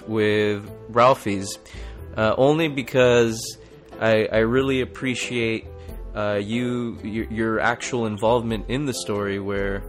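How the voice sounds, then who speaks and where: A man judging stories in a casual chat, hesitating and weighing his words. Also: fairly low pitch. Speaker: panel judge.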